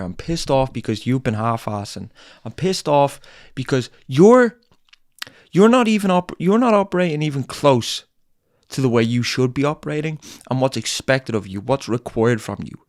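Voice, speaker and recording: Recorded in dry studio quality, this man has a mid-range, slightly mellow voice. Hosting a podcast, he rants in a blunt, emphatic tough-love lecture, angry and heavy on profanity, circling back to the same lines again and again.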